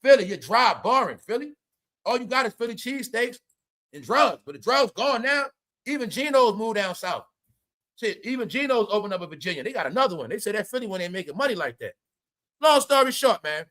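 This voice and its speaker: A man hosting a livestream, talking loudly in rambling, profane commentary, often saying "y'all". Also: sits high, sing-song, fairly quick. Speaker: livestream host. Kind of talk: profane stream-of-talk commentary.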